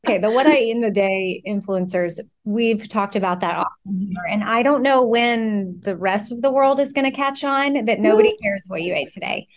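A woman's voice: on the high side, moderate pace, few pauses. A woman hosting a podcast, introducing her guest and asking questions in an encouraging, emphatic way. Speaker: podcast host. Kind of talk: casual podcast interview.

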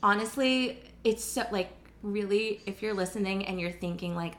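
A woman's voice: mid-range voice, steady tone, normal speed, a bit bright. A young woman hosting a casual podcast chat, earnest and heartfelt, often laughing. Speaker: podcast host.

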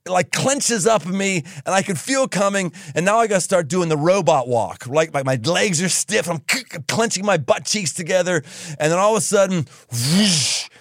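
A male podcast host spinning a casual story, his pitch leaping around animatedly. He sounds a touch high and very lively, recorded dry and close. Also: normal speed, no echo. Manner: animated, laughing while telling.

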